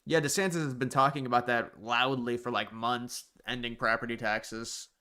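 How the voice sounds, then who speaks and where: Male streamer host, smooth voice, casual chatty reactions to chat and clips. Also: mid-range voice, fairly even intonation, pushed and bright. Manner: chatty, quick reactions, reads out chat questions. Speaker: livestream host.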